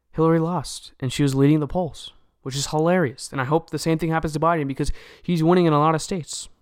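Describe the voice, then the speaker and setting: A man's voice: fairly high pitch, smooth, no room sound, clean studio sound. A man giving an earnest, lecturing opinion monologue to his viewers, often restarting phrases and checking in with "okay?". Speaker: political commentator. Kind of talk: casual opinion monologue to camera.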